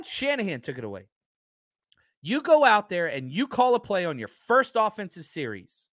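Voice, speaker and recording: A man's voice: high voice, a bit bright, no room sound, clean studio sound. A man hosting a sports talk livestream, ranting with heat and reading out viewer comments. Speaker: livestream host.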